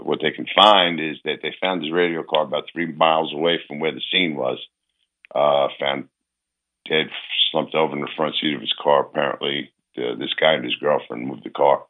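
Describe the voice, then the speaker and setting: A man hosting a radio show, hoarse as his voice recovers from illness, talking in a rambling, halting way with many fillers. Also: rumbling low. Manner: rambling, halting, full of uh and restarts. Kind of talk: casual talk radio monologue. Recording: phone-like narrow band.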